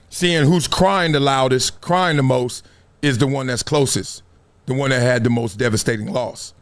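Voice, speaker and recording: A man's voice: on the high side, a bit bright. A middle-aged man hosting a live-streamed sports talk show, preaching in loose slang with a lot of animation. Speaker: show host.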